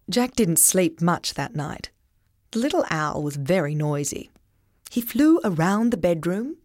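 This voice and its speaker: Slow expressive woman reading a story. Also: lowish voice, no room sound, studio quality. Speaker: narrator. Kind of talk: children's story read-aloud.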